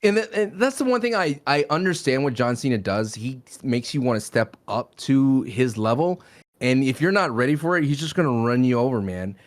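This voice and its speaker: A man co-hosting a wrestling podcast in casual chat, animated and playful, stumbling over quick restarts. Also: medium pitch. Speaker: podcast co-host.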